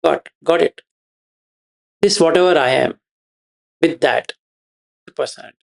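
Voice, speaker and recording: A man, explaining a meditation teaching to students in a slow, repeating, questioning way. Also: a little high, vocal fry. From India. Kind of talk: dharma talk to students.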